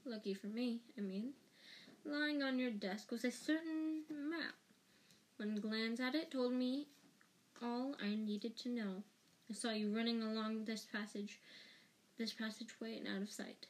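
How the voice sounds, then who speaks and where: A woman's voice: fairly high pitch, unhurried, close to an everyday voice, low-quality recording. A woman voicing a cold, spiteful male schoolteacher in an audiobook reading, with a sneering, clipped delivery. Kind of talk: audiobook character voice.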